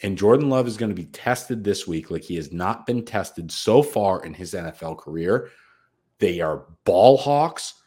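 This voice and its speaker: This low-voiced American man sounds animated yet unhurried, his tone dark with a breathy edge. He's a co-host on a sports betting podcast, keeping the talk casual, loud-mouthed, profane, and pumped up.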